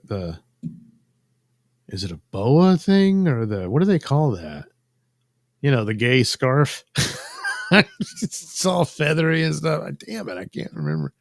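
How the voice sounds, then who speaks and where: A man with a lowish voice hosts a casual commentary while coloring in drawings. He rambles with a sardonic edge and trails off into filler words, and the recording has no echo.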